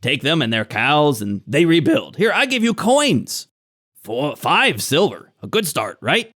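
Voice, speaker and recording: A scheming hobgoblin boss with a high, pushy voice and clumsy broken grammar, played by a man running a tabletop game. He sounds keen to strike a deal. The voice is pitched well above a plain man's talk. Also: huge pitch swings, measured pace, a bit bright, full character voice. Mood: coaxing.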